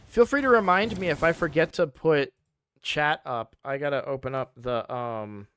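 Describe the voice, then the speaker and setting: Man streamer, fairly high voice, smooth and clear, tired, rambling casual chat. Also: normal speed, fairly bright tone, no room sound. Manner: rambling, with frequent restarts. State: sleepy, yawning. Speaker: game streamer.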